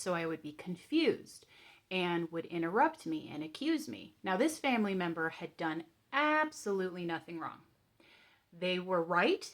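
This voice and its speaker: A woman vlogger telling a personal story and then guiding a calming exercise, speaking in a candid, gentle way with frequent ums. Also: fairly low pitch. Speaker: vlogger sharing coping tips.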